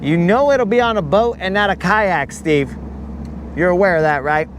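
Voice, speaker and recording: A man's voice: high-pitched, moderate pace, a little hiss or hum. A man chatting and joking with his live viewers while fishing from a boat on a lake. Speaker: fishing livestreamer. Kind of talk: casual live-stream chat.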